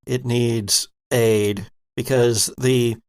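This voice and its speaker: A man narrating as game master in a tabletop horror game, describing scenes haltingly with many self-corrections. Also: medium pitch, steady tone, darkish tone, clear, resonant tone.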